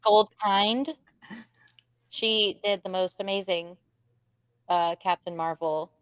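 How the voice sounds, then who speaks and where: A woman co-hosting a live podcast, chatting casually with quick laughs and self-deprecating asides. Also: mid-range voice, fairly even intonation, smooth, no echo. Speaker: podcast co-host.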